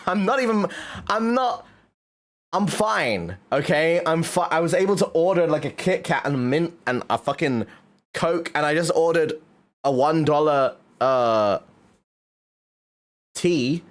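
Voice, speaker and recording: A male streamer chatting casually with his viewers, his pitch swinging widely from line to line. He talks at an unhurried pace, swears freely and laughs often. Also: animated. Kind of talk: casual chat.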